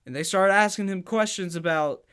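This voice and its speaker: A man's voice: high-pitched, moderate pace, fairly bright tone, clean tone. A man hosting a sports podcast, arguing heatedly, stammering and restarting, pressing home his points with rhetorical questions. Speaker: podcast host.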